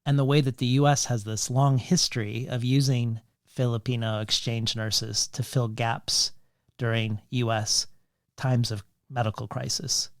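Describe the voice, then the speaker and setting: A male podcast host with a gravelly, fry-laden voice asks long, measured questions in a dry, close-miked room. He reads quoted passages and statistics at a steady, deliberate pace. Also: medium pitch, no room sound. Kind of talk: literary interview.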